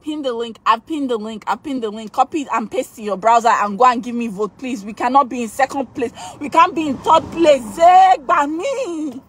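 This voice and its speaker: Pleading, excitable Nigerian woman, high voice. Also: brisk, hardly any pauses, slightly rough. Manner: emotional, pleading, repeats words, laughs often. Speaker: live streamer asking fans for votes. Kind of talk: excited live-stream chat.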